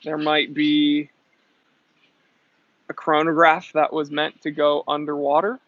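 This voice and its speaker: A man's voice: on the high side, monotone, slow pace, a bit bright, muffled recording. A young adult man hosting a casual live stream, reading out viewer comments in an upbeat, chatty way. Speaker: host.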